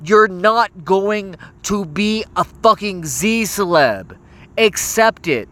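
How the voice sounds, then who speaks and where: Slow-drawling young man ranting. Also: sits high, expressive, a bit bright. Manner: profane, rambling and scolding; stammers and restarts when heated. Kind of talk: ranting voice message.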